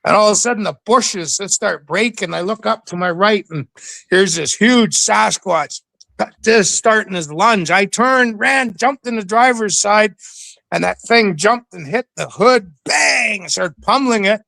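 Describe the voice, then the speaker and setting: A frantic, panicky truck driver gasps through his story in a raised, strained voice, as a man acts him out. The tone is bright and sharp, and the voice sits close and dry with no room around it. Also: high voice, fairly quick, gravelly, few pauses, no echo, pitched above the performer's own voice, heavily acted, rough recording. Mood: panicked. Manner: breathless, panicky retelling.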